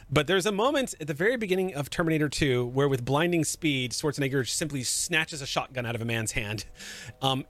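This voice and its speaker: A man narrating and running a tabletop game as game master, in calm, measured scene narration. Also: medium pitch.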